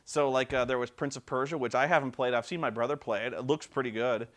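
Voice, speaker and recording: A man vlogs casually about video games in an ordinary mid-pitched voice. He rambles, circles back and restarts his sentences often. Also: fairly even intonation, fast. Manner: rambling, many fillers and restarts. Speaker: video game vlogger. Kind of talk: casual chat.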